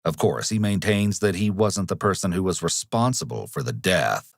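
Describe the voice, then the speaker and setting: Deep, dry-voiced male narrator. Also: big pitch swings, dry recording. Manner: measured, analytical. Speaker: documentary narrator. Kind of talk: scripted narration.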